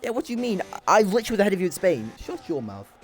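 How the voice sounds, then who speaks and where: A young man giving excitable, sweary live commentary on a sim race while bantering with his chat. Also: high voice, very fast.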